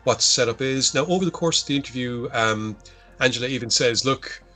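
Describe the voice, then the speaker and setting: A man's voice: medium pitch, fast talker, fairly bright tone, soft background music. A man co-hosting a podcast, rambling and swearing as he recaps a horror film. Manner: rambling, profane, self-correcting. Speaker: podcast co-host. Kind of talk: casual chat, recapping a film.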